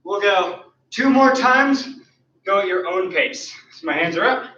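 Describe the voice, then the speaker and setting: A man with a high, bright voice coaches a martial arts class while he demonstrates the kicks himself, counting each move and calling out cues. He is out of breath, and he sounds far from the mic in a roomy studio with a dull recording. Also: expressive, unhurried. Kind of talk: online class instruction.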